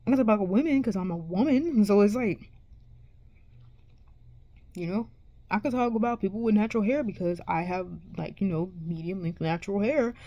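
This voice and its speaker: A woman's voice: mid-range voice, moderate pace, long pauses, mellow, no echo. A woman vlogger ranting to her viewers in a casual, profane, exasperated way, rambling and restarting her sentences. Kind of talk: casual rant to camera.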